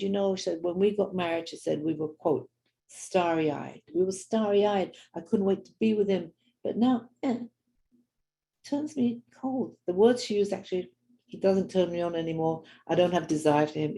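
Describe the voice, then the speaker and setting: A woman's voice: low voice, gravelly, mellow. A woman speaker telling a story to an audience, acting out the voices of the people in it. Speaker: speaker on marriage. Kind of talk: storytelling talk. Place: lecture hall.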